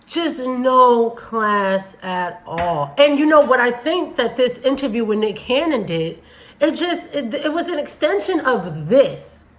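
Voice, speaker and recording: A woman's voice: on the high side, lively intonation, measured pace, poor audio. Blunt woman commenting on a video. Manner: blunt, critical, talks straight to viewers. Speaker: commentary channel host.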